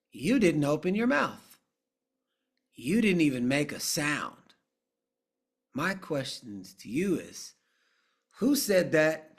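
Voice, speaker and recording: A middle-aged man talking casually on a live coaching call, guiding listeners through a quiet exercise. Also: a little high. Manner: conversational, drifting into hushed guided prompts. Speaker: coach and trainer.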